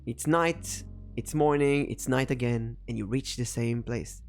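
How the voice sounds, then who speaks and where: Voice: medium pitch, unhurried, soft background music. A game master narrating an improvised tabletop game in a playful way.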